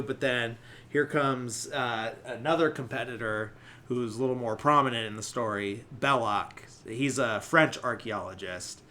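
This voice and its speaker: A man's voice: medium pitch, slow, sharp tone, a little hiss or hum. Rambling man recapping a film. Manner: rambling, many filler likes. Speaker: podcast host.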